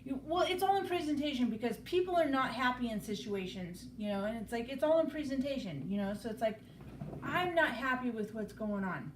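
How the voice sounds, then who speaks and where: A woman's voice: fairly high pitch, lively intonation, a little fast. A woman on a live stream chatting casually, rambling and swearing freely, circling back to "you know, it's like". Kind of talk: casual chat. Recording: roomy, distant mic, faint background noise.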